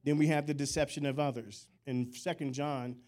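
A man's voice: mid-range voice, moderate pace. A man preaching a sermon, calling out for amens and telling chatty stories between his points. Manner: animated preaching with call-and-response; conversational storytelling asides. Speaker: pastor.

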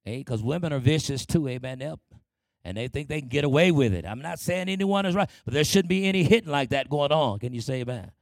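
Gravelly man giving a church testimony. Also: medium pitch, expressive, quick pace, no echo. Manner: conversational storytelling with frequent calls for amen. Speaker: speaker sharing his testimony.

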